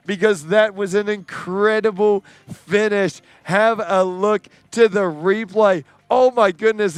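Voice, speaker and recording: A man calling a live sports event, excitable and rising to shouts on the big moments. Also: high-pitched, smooth, no echo. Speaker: sports commentator.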